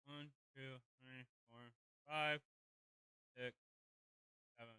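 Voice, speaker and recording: Bright-voiced man playing a tabletop game. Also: mid-range voice, fairly even intonation, smooth, no room sound. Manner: eager, quick to change his mind. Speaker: player.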